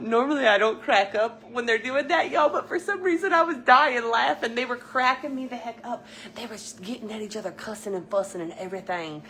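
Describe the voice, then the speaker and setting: A middle-aged woman with a drawl, chatting and laughing with viewers during a home live stream. Her voice sits a bit high, and there's a faint hiss of room noise behind her, picked up on a phone mic in her kitchen. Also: fairly bright tone. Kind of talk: casual live-stream chat.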